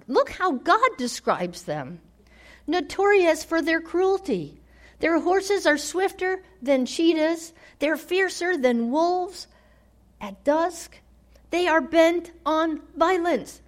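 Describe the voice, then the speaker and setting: A woman preaching a sermon, dramatic, swinging from loud declarations to hushed near-whispers. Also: very high voice, expressive, slow pace.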